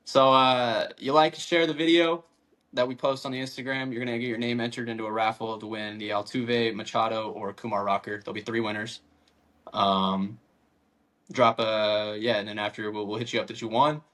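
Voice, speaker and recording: A man's voice: fairly low pitch, flat delivery, normal speed, fairly bright tone. A man hosting a podcast in casual chat, loose and laughing, with casual swearing. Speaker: podcast host.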